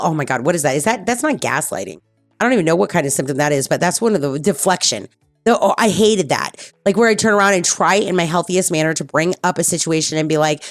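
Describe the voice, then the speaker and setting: A woman's voice: lowish voice, expressive, quick pace, dry recording, studio quality, faint music behind. A woman streamer talking candidly and bluntly in casual chat, swearing freely and repeating herself for emphasis. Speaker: streamer host. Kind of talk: casual personal talk.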